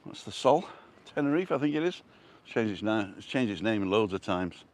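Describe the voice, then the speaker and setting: A man's voice: lowish voice, lively intonation, brisk. An older man live-streaming on a street walk, chatting casually and answering viewers' comments as he goes. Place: outdoors on a street.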